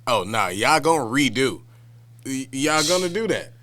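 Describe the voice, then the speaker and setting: A man co-hosting a casual comedy podcast, ranting in detail in a relaxed storyteller's way. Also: medium pitch, moderate pace, a little hiss or hum. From Wisconsin, US. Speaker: podcast co-host.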